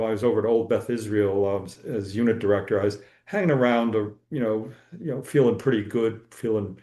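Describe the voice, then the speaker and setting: An older man spins a rambling anecdote, full of ums and restarts. His voice is dark and mellow. It sits in a roomy, echoey space. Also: lowish voice. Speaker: guest physician. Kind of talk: storytelling interview answer.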